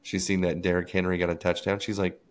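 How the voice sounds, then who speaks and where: A man's voice: deep voice, little pitch movement, quick pace. A man on a podcast, telling a story in casual chat and acting out what others said. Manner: storytelling, acting out quotes with laughs. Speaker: podcast co-host.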